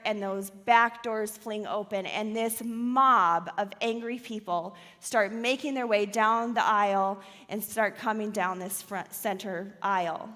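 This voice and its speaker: A woman pastor preaching a sermon in a church auditorium, telling a story dramatically with loud and hushed swings. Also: mid-range voice, fairly even intonation, measured pace, hardly any pauses, long reverb tail.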